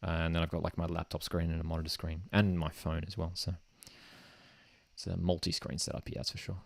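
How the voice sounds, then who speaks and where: Brief: man, football watchalong host, low voice, casual and keen. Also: completely flat delivery, a little fast, creaky, dry recording. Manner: casual and enthusiastic, often says "man". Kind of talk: live match watchalong commentary. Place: home streaming desk setup.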